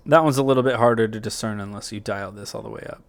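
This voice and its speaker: A man hosting a music software tutorial, thinking aloud in a loose, rambling way with plenty of fillers and self-corrections. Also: fairly low pitch, fast talker, heavy background noise.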